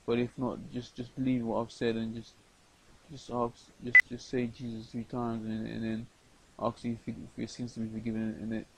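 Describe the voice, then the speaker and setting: A man's voice: medium pitch, completely flat delivery, normal speed, heavy background noise. A man rambling through a late-night video diary, stumbling over words with many repeats and restarts. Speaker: vlogger.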